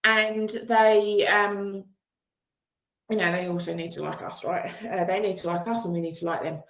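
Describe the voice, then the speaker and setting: A woman's voice: mid-range voice, fairly even intonation, moderate pace, fairly bright tone. Upbeat woman coaching in an echoey room. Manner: upbeat and encouraging, laughs often. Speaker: business coach. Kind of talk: online training session. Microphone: video call with screen sharing.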